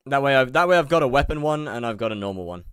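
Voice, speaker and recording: A man's voice: medium pitch, animated, racing, fairly bright tone, clean tone, no room sound, studio quality. A young man chatting casually while he streams a game, rambling, repeating words and answering his chat.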